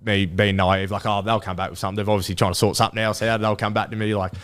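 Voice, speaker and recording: Young Aussie bloke, quick rambling talker, low smooth voice, casual interview guest. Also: male voice, flat delivery, fairly bright tone. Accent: Australian. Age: 20s. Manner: rambling storytelling with many restarts and fillers. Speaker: rugby league player guest.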